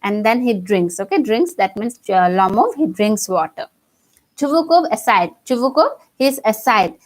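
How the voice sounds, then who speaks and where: A woman's voice: a little high, big pitch swings, moderate pace. A woman teacher with an Indian English accent explaining a play line by line, with many fillers and restarts.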